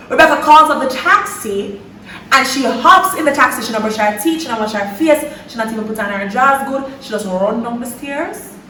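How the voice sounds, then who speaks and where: A young woman from Jamaica with a Jamaican accent, telling a story in a lively, dramatic way with patois slipping in. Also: high-pitched, roomy sound, distant mic, a little hiss or hum, low-quality recording. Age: young adult. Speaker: vlogger. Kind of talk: storytime chat.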